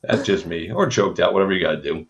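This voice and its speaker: Man, interview host, low voice, blunt and swearing, muffled lo-fi sound. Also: animated, quick pace, a little hiss or hum. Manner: blunt, profane, joking. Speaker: podcast host. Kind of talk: casual interview.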